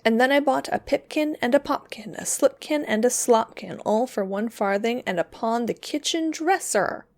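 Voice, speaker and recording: A woman voicing cheeky little mice in a storybook reading, chanting rhymes in shrill, twittering sing-song. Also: moderate pace, hardly any pauses, darkish tone, lightly acted.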